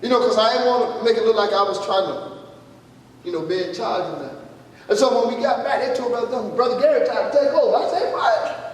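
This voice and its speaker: A high-pitched man preaches a testimony, playing out each voice in his story and checking in with the congregation. He sounds distant, caught from across a church hall with a long, booming reverb and a faint hiss underneath. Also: lively intonation, fairly quick. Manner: storytelling, acting out dialogue, calls out "you listening?". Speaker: pastor. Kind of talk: testimony sermon. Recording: echoey hall from far off, faint noise.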